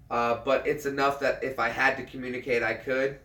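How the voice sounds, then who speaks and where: A man's voice: medium pitch, little pitch movement, sharp tone. Earnest veteran man in a roomy room. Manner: earnest, halting, repeats and restarts phrases. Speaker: military veteran livestreamer answering chat. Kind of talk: casual livestream chat. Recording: roomy sound, mic at a distance.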